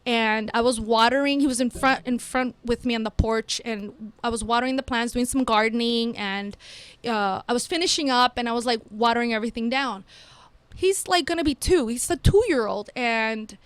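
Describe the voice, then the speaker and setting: A woman's voice: fairly high pitch, moderate pace, smooth, no room sound. A woman on a podcast in a studio, telling a parenting story in casual chat with lots of fillers. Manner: animated storytelling, many fillers. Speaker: mother and podcast guest.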